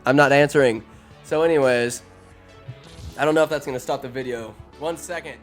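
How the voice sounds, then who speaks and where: A man hosting a podcast, recapping a film in an animated, joking way, swearing and doing goofy character voices. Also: mid-range voice, a little fast, faint music behind. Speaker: podcast host. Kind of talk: comedic movie recap. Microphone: phone.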